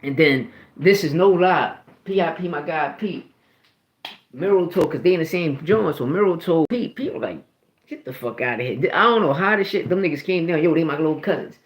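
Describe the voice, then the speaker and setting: A man's voice: fairly high pitch, moderate pace, reverberant, poor audio. A man, telling stories in a casual, profane, rambling way full of restarts and "you know what I mean". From Philadelphia, USA. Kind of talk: casual storytelling.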